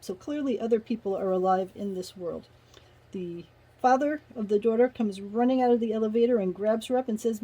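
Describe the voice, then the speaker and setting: A woman's voice: medium pitch, mellow, husky, rough recording. A woman giving a casual spoken review of a short story, retelling the plot conversationally with personal asides. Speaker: book reviewer.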